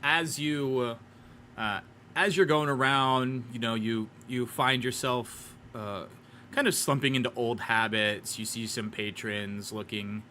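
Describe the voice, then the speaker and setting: A man narrating a tabletop game as game master in a relaxed way, with many fillers and restarts. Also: mid-range voice, measured pace, slight background noise.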